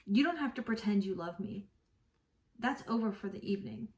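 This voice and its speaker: A woman's voice: medium pitch, expressive, normal speed, a little mellow, echoey room, distant mic, lightly acted. A woman reading as a moody young woman in love. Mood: earnest. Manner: read aloud plainly from a novel.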